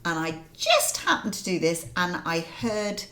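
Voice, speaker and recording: A middle-aged woman co-hosting a casual chat podcast, chatty and quick to laugh, in pain from a hip injury. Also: on the low side, big pitch swings, bright, forceful tone. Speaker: podcast co-host.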